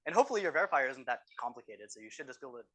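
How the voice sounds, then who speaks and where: Male TA for a review session: quick delivery, bright voice, keeps asking the room "right?". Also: mid-range voice, big pitch swings. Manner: explanatory, tags statements with "right?". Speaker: course teaching assistant. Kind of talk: exam review lecture. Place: university classroom.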